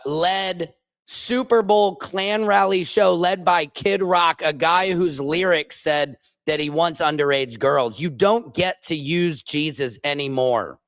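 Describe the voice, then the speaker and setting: A man's voice: on the high side, fairly bright tone, no room sound. A man who is a comedian and show host, delivering an angry, profane political rant full of repeated phrases. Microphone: streaming microphone.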